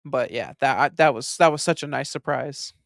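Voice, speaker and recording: A man hosting a casual movie commentary, retelling his reactions in an excitable, profane, animated way. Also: mid-range voice, normal speed, creaky, no echo, clean studio sound.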